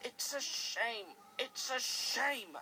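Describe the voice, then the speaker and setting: A narrator putting on a proud big engine, slow and lively in pitch. He snorts, sings and hisses short refrains in a bright voice. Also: rough recording. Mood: hissing upset.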